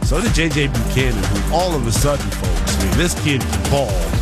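A man hosting a live college football talk show, reading scores and chatting in a lively, sing-song way with casual fillers. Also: mid-range voice, normal speed. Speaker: sports radio host. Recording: music bed under the voice.

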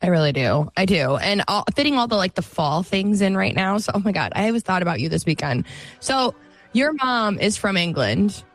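A woman's voice: mid-range voice, fairly quick, no echo, faint music behind. A woman co-hosting a radio show, telling a funny story about her child in casual banter. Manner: animated, amused storyteller. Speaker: radio co-host.

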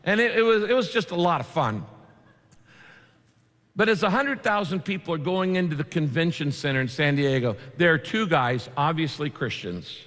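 A man preaching a sermon in a conversational way, with vivid asides and quick shifts in delivery. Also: a little high, expressive, a bit bright. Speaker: pastor. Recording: long hall reverb.

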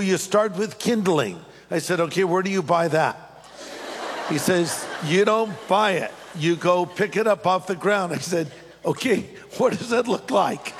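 High-voiced pastor in a reverberant hall. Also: male voice, a little hiss or hum. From California. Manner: animated storytelling, reads scripture slowly. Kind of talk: sermon with personal story.

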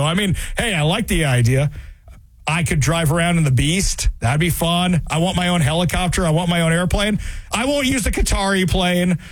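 Male radio host, high-pitched for a man, sarcastic, lively swings, dry studio sound. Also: no echo, poor audio. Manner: sarcastic, animated, repeats phrases for emphasis. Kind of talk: talk radio monologue.

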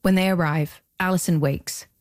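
A woman hosting and narrating a documentary podcast from a script, with a measured delivery. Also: lowish voice, steady tone, darkish tone.

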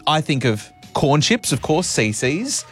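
A man's voice: fairly high pitch, very animated, measured pace, a bit bright, slightly rough, faint music behind. A young adult man with an Australian accent hosting a radio show, telling stories in a chatty, self-mocking way. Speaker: radio host. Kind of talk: casual radio chat.

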